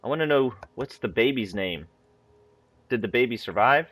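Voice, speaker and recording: A man who hosts a gaming channel, reading in-game story files aloud in a steady, measured way, with a few casual asides. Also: medium pitch, slightly rough.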